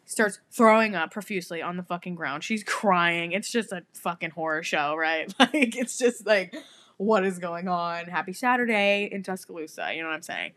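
A young woman co-hosting a podcast, telling a story in casual chat, animated, swearing freely and laughing often. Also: lowish voice, normal speed. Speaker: podcast co-host.

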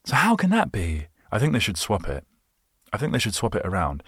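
A man's voice: lowish voice, huge pitch swings, a little fast, fairly bright tone, slightly rough, no echo, studio quality. A man hosting a solo podcast, rambling through self-mocking jokes and asides. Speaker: podcast host.

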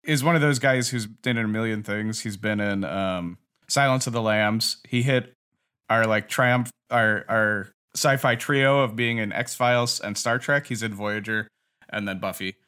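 A man co-hosting a podcast, chatting in a relaxed, casual way. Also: fairly low pitch, unhurried, clear, resonant tone. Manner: relaxed, casual, many fillers. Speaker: podcast co-host. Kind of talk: casual chat.

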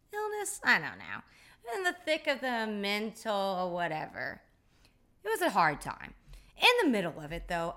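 Bright-voiced woman, blunt and profane. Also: mid-range voice. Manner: profane, blunt, wry storytelling. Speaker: podcast host. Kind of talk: casual monologue.

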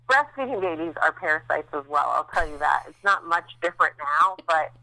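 Bright-voiced woman chatting candidly. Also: deep voice, animated, moderate pace, creaky, dry recording, rough recording. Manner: chatty, candid storytelling with many fillers. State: recovering after recent childbirth. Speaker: podcast co-host. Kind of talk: casual chat.

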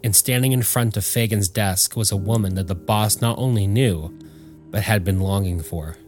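A man narrating a story in a measured, steady audiobook style. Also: fairly low pitch, faint music behind.

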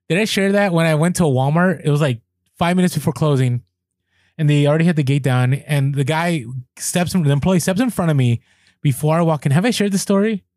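Animated man telling a story, dry mic. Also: on the high side, dry recording. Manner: animated, acts out quoted people, voice jumps up in exasperation. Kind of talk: casual storytelling chat.

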